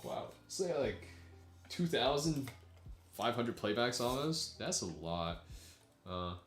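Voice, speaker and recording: A man's voice: mid-range voice, lively intonation, slow, a bit bright, roomy sound, soft background music. A young man chatting casually with his livestream viewers, rambling and laughing often. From United States. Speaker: streamer.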